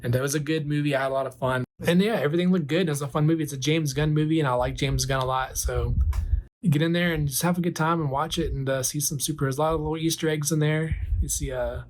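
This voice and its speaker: A man's voice: a little high, fairly even intonation, a little hiss or hum. Rambling middle-aged man retelling a film. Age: 40s. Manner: rambling, filler-heavy, casually does quick voices for characters. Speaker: toy collector vlogger. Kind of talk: casual retelling of a movie with toys.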